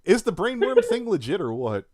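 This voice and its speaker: A man's voice: high-pitched, very animated, normal speed, a little mellow, no echo, clean studio sound. A man hosting a casual livestream chat, rambling and swearing a lot. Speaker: stream host.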